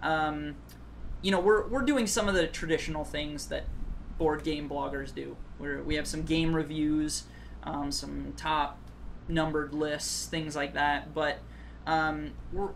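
A man's voice: on the high side, vocal fry, fairly bright tone, slight background noise. A man guesting on a podcast, a board game blogger with a dry, sarcastic sense of humor who talks in loose, filler-heavy phrases. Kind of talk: casual podcast chat.

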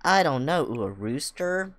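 Low-voiced woman streamer, lively. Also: unhurried. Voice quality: low voice that jumps high with excitement. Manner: cooing at animals, reading aloud, chatting with viewers. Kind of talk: casual gameplay chat.

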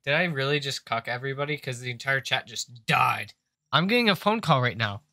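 A man's voice: mid-range voice, animated, fairly quick, bright, forceful tone, no echo, clean studio sound. A young man on a casual livestream, chatting to viewers at a desk microphone, joking, swearing, and getting jumpy as he plays a horror game. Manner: joking, chatty, swears a lot, gets jumpy when scared. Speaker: streamer. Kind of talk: casual livestream chat while gaming.

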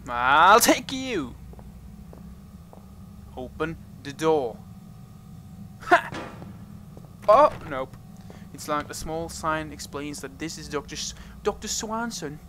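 Goofy, animated man playing a game. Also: on the high side, slow pace, pauses often, a little hiss or hum. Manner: goofy, joking, laughs at his own jokes. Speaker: let's play gamer. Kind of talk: casual gameplay commentary.

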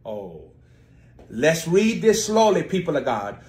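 Very animated, this man from the United States leads a live-streamed sermon. He reads scripture at a slow pace, then breaks it down in casual, conversational asides to his audience, with abrupt jumps in pitch and volume.

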